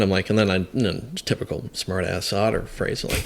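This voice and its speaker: Deep-voiced man, halting and candid. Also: steady tone, vocal fry. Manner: halting, many fillers and restarts; self-deprecating, candid. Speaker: firefighter guest. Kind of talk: casual storytelling interview.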